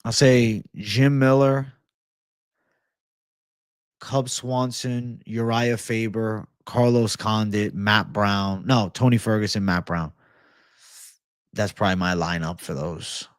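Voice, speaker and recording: A man's voice: fairly low pitch, steady tone, slow, pauses often, clear, resonant tone, no echo, clean studio sound. A young man hosting a casual MMA livestream, swearing freely and answering chat in a laid-back way. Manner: profane, laid-back, reads chat aloud. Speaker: MMA show host.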